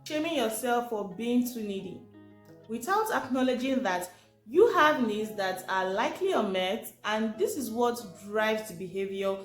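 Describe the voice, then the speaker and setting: A woman's voice: a little high, animated, a little slow. A woman giving an informal teaching talk, chatty and asking her listeners rhetorical questions. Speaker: presenter. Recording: echoey room with faint music.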